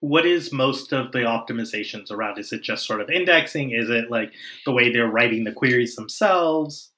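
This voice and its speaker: Co-host, man, bright tone, self-deprecating and chatty. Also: medium pitch. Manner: self-deprecating, quick to laugh. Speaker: podcast co-host. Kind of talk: casual podcast chat.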